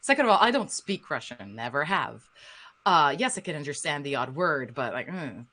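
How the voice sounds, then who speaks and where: A woman with a Slovenian accent speaks on a panel in a bright, forceful voice set a little low. She talks frankly and with animated emphasis, pressing her points home. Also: moderate pace. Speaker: voice actor, panelist. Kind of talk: panel discussion.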